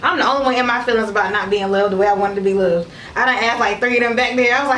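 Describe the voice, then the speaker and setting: A woman's voice: a little high, very fast, fairly bright tone. A woman vlogging her family at home, chatting casually and playfully quizzing her relatives on camera. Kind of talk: casual chat. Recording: echoey room with background noise.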